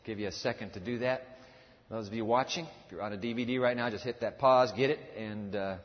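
A man preaching a sermon to a large congregation, swinging from loud exclamations to hushed, low asides. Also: a little fast, long reverb tail, lo-fi sound. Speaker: pastor. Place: large church with balcony.

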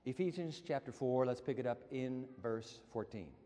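A male pastor preaching a sermon in a church, animated and quick to act out quotes with big pitch jumps. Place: church sanctuary with balcony. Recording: long hall reverb.

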